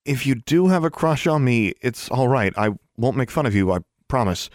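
A man's voice: medium pitch, expressive, moderate pace, no echo, pitched above the performer's own voice, natural voice. An earnest young schoolgirl, anxious and apologetic, as a man puts her on. The voice sits a few steps above his own, dry and close.

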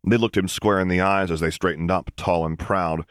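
A man reading fan fiction aloud as an audiobook, narrating in a calm, even storytelling manner. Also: sits low, normal speed, clean tone, dry recording, studio quality. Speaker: audiobook reader.

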